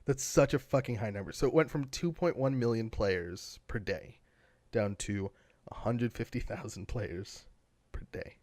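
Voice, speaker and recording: A man's voice: on the low side, normal speed, darkish tone, no room sound. A man co-hosting a gaming podcast, talking in a loose, rambling way full of fillers and restarts. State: has the hiccups. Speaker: podcast co-host. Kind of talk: casual chat.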